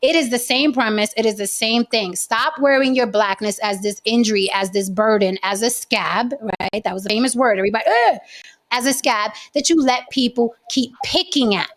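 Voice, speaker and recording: Blunt young woman hosting a livestream, fairly high voice, doesn't back down. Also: moderate pace, few pauses. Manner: blunt, confrontational, doubles down. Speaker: host. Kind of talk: casual debate livestream.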